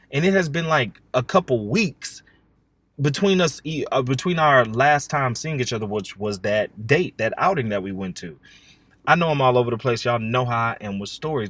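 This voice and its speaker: A fairly high-pitched young man rambles through a dating story on his podcast. He jokes, swears freely and jumps his voice around when acting out texts. The sound is close and dry, with little room around it. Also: normal speed, dry recording. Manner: animated, jokey, swears freely, acts out text exchanges. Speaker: podcast host. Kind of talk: casual storytelling monologue.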